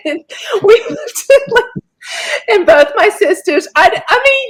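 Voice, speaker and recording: A woman, a podcast guest telling a personal story in a lively way and laughing often. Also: very high-pitched, slow, long pauses. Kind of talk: casual storytelling.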